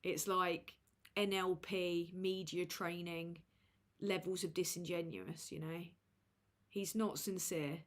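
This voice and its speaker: A woman's voice: on the low side, steady tone, slow pace. A woman hosting a casual livestream and reading out super chats, crude and sardonic as she roasts people. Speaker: livestream host.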